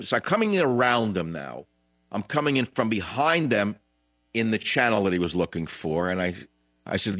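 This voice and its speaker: A man hosting a call-in radio show, telling a long rambling anecdote in a blunt, digressive way, his voice jumping high when he retells what others said. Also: fairly bright tone, no echo, lo-fi sound. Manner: blunt, digressive, frequent "blah, blah, blah". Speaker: radio talk show host.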